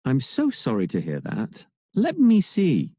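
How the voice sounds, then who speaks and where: A dark-voiced shop clerk with swooping intonation. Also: male voice, medium pitch, huge pitch swings, unhurried, breathy edge, dry recording, highs cut off, full character voice. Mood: varied. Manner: widely varying intonation. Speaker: exercise narrator and speaker.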